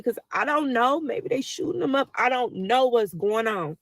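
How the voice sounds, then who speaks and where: A woman's voice: mid-range voice, moderate pace, hardly any pauses, a bit bright, slight background noise. A mother telling a personal story to viewers in a casual, emotional way, talking straight to them as y'all. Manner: talkative, emotional, addresses listeners as y'all.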